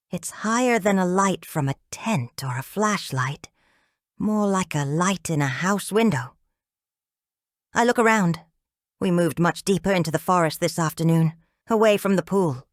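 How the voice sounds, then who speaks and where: Woman narrator, first-person audiobook reading, measured calm tone, lowish voice, dry close mic. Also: no echo.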